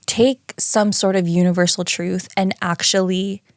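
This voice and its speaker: A woman's voice: mid-range voice, fairly even intonation, a little slow, no echo, studio quality. A woman co-hosting a podcast, mostly listening with short affirming replies. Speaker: podcast co-host. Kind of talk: casual chat.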